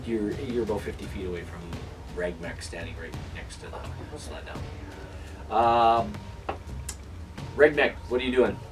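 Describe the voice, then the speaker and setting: A man narrating as game master of a tabletop game, animated and hesitant. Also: lowish voice, a little slow, long pauses. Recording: distant mic with music behind.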